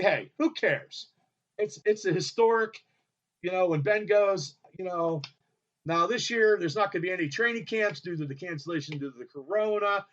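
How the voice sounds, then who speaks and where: Excitable, profane man on dull radio audio. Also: high-pitched. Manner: excitable, loud and profane, often trailing off and restarting. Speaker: radio show host. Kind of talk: rambling storytelling monologue. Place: his home studio.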